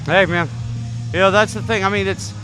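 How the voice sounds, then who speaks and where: A man's voice: sits high, fairly even intonation, fairly quick, over music, poor audio. A man doing ringside co-commentary for a wrestling show, stretching out his words for emphasis.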